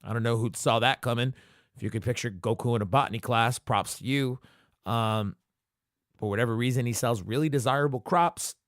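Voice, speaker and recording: A man's voice: mid-range voice, fairly quick, fairly bright tone, no room sound, studio quality. A man hosting a podcast alone, talking casually through an episode recap, cursing often and joking as he rambles. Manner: profane, jokey, rambling commentary. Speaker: podcast host.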